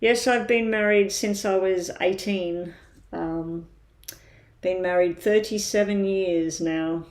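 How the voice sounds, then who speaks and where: A woman's voice: mid-range voice, fairly even intonation, slow, a little mellow. A woman in her fifties with an Irish accent tinged British, chatting in a rambling way with many ums as she gives tarot readings on a live stream. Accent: Irish with a slight British tinge. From Ireland. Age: 50s. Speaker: tarot reader.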